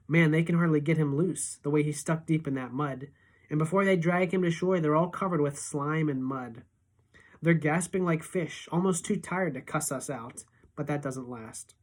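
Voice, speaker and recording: A teacher reading a novel aloud in steady, expressive first-person narration. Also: female voice, low voice.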